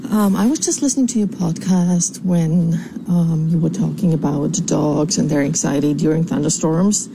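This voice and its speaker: A woman calling in to a podcast with a recorded voicemail, speaking deliberately with frequent ums. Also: sits low, vocal fry, background noise. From California. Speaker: caller.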